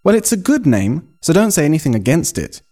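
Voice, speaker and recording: A man reading a story aloud and voicing a vain, quick-tempered woman of eighty-two, with a shrill, haughty delivery. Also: big pitch swings, mellow. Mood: indignant.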